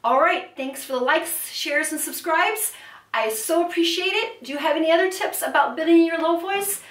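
Speaking at a normal speed in an extremely high, slightly bright voice, a woman gives a vocal lesson, explaining exercises and now and then talking through a straw. The studio room recording is roomy and distant.

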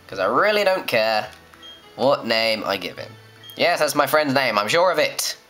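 A man's voice: mid-range voice, very animated, normal speed, sharp tone. A young man with a jokey, sarcastic manner, commenting on a video game he plays and reading its dialogue aloud. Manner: jokey, sarcastic asides, puts on silly voices. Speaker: let's play host. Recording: faint game music behind.

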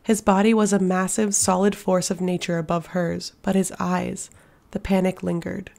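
A woman narrating a fantasy audiobook in a hushed, steady storytelling manner. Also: on the low side, normal speed, gravelly. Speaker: audiobook reader.

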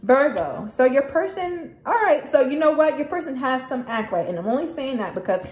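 A woman's voice: high-pitched, lively intonation, normal speed, a little mellow. Blunt, swearing woman reading tarot. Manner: blunt, swears freely, talks straight to the viewer. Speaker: tarot reader. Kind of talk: casual tarot reading to camera. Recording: echoey room with faint noise.

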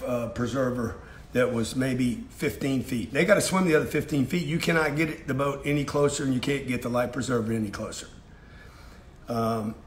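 A middle-aged man giving a brash, profane motivational talk on a livestream, repeating himself and yelling points home. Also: medium pitch, vocal fry. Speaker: motivational speaker.

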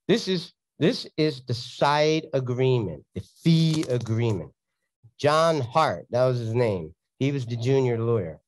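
A man's voice: mid-range voice, expressive, unhurried, no echo. A man, a real estate investor telling a story in a blunt, sarcastic, casual teaching talk.

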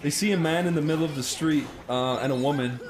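Co-hosting a game stream, a young Irish man from Ireland tells a rambling story over gameplay, laughing all the way through. His voice sits fairly high and he talks fast, with music playing behind him.

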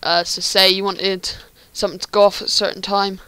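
A woman's voice: mid-range voice, flat delivery, fairly quick, pushed and bright, smooth, no echo. A woman giving a casual game tutorial, rambling with lots of ums and restarts. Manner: rambling, hesitant, many ums. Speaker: Minecraft tutorial creator.

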